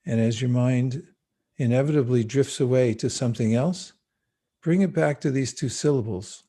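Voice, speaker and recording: A man with a mellow, warm voice leads a guided meditation over a video call. His delivery is calm and unhurried, gently instructive as he walks listeners through breathing. His pitch sits in an ordinary middle range for a man. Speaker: meditation teacher.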